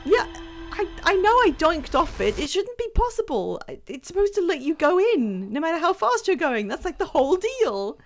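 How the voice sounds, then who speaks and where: A woman streamer chatting casually and excitably while she plays, laughing at herself. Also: very high-pitched, moderate pace, soft background music. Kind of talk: casual live-stream chat while gaming.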